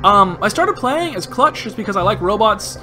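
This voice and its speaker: A young man doing gameplay commentary, excitable and self-mocking, yelling in bursts. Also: sits high, normal speed. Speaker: gaming channel host. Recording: music playing loudly underneath.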